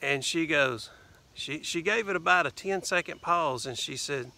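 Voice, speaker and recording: A Southern man talks casually to his vlog viewers, meandering through a story with plenty of "uh" and "anyway." His voice is gravelly and fairly high for a man. It has a bright, forceful edge. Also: moderate pace. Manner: rambling, lots of fillers and "anyway". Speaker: vlogger.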